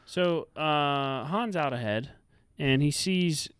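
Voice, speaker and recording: A man's voice: on the high side, takes it slowly, fairly bright tone, clean tone, no room sound. Man cohosting a movie podcast, retells scenes and does the characters' lines, dry sound. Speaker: podcast co-host. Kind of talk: casual film breakdown chat.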